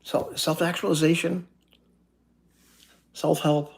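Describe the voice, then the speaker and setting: A man's voice: on the high side, little pitch movement, takes it slowly, gravelly. A man chatting casually on a live stream, rambling and self-deprecating, talking straight to his viewers from a friend's house. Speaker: YouTuber doing a live stream.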